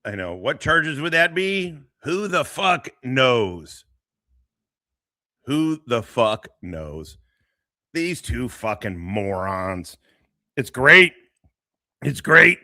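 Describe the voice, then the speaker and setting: A man's voice: mid-range voice, sing-song, extremely slow, sharp tone, no room sound, clean studio sound. A man giving crude, mocking commentary on a clip, swearing and laughing as he talks. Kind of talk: casual profane commentary.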